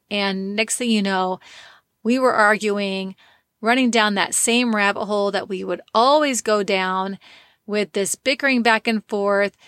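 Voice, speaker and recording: A woman's voice: mid-range voice, a bit bright, dry recording, clean studio sound. A woman hosting a podcast, giving a candid teaching monologue with self-mocking asides. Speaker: podcast host.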